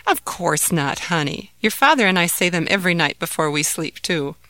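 A woman voicing a gentle, loving mother who soothes her son in a soft, patient way. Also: fairly low pitch, expressive, normal speed, no echo. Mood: tender.

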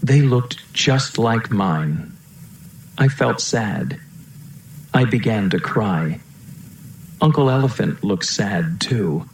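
A man reading a children's storybook aloud in a slow, lilting narration. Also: on the low side, expressive, a little hiss or hum. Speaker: storybook reader. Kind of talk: children's book read-aloud. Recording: roomy echo.

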